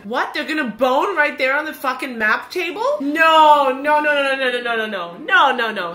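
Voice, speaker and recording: A woman vlogging her reactions to a TV series, talking back at the screen in an animated, exclamatory way. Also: high voice, moderate pace, hardly any pauses, faint music behind. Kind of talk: casual reaction commentary.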